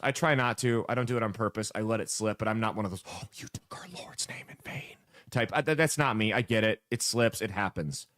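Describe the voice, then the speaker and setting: A man's voice: medium pitch, a bit bright. A man from the American Midwest hosting casual political commentary, talking bluntly and with sarcasm.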